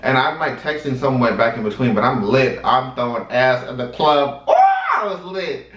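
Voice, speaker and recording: Animated young man telling a story, roomy sound. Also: mid-range voice, normal speed, lo-fi sound. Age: 20s. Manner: animated, chatty storyteller who addresses viewers directly. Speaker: vlog host. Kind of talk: casual storytime monologue. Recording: roomy sound from a distant mic.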